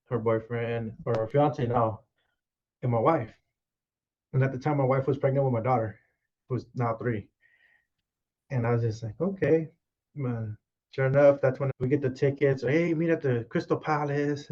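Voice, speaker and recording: A man in his thirties tells his own story as a podcast guest, slipping into the voices of the people he quotes. His voice sits at an ordinary pitch. The recording sounds a little dull and lo-fi. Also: moderate pace, pauses often. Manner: animated retelling with quoted dialogue. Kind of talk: storytelling in casual conversation.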